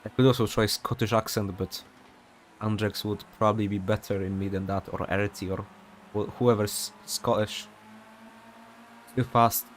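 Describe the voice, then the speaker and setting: A man's voice: fairly low pitch, fairly even intonation, normal speed, a little hiss or hum. A young man commentating an online sim race in a casual, rambling way, with many fillers and off-topic asides.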